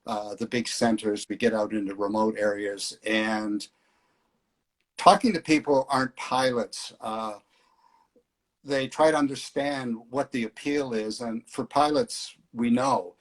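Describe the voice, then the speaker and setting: A man's voice: mid-range voice, a little slow. A middle-aged man organizing flying tours, chatting casually in an interview with many fillers. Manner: relaxed storyteller, hesitant fillers.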